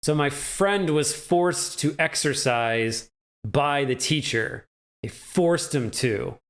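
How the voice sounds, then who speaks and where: Slow-talking man teaching a language. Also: on the high side, animated. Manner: chatty, laughs at own jokes, asks "right?" often. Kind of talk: casual video lesson.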